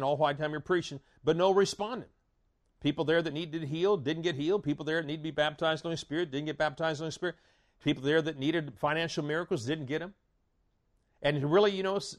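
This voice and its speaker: A man preaching a sermon in a folksy way, with repeated phrases, stammered restarts and loud declaring. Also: a little high.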